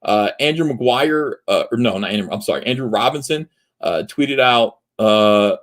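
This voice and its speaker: A man hosting a livestream, ranting in a heated, profane way with many filler pauses. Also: medium pitch, fairly bright tone. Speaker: livestream host. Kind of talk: livestream commentary rant.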